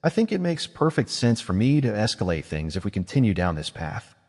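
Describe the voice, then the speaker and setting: A man voicing a calm, scheming male mage who reasons in a measured way. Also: lowish voice, long reverb tail.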